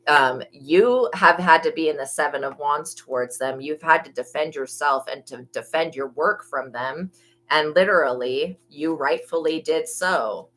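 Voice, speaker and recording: Low-voiced, blunt woman tarot reader. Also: measured pace, a bit bright, rough recording. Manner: blunt, gossipy, swears freely. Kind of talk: casual tarot reading monologue.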